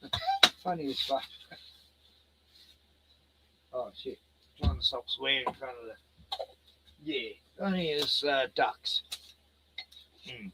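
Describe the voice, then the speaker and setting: A middle-aged Australian vlogger rambles casually, laughing a lot and stopping to talk to his pets in a playful singsong. His medium-pitched voice moves at a measured pace with long pauses, and there is background noise.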